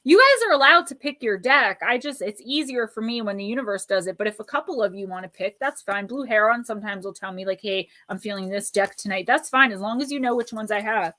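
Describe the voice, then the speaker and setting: A fairly high-pitched woman chatting casually on a live stream as she gives oracle card readings to viewers. She talks to them by name in an affectionate, easygoing way and slips into a slow, soothing delivery when reading card messages aloud. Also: lively intonation, pushed and bright.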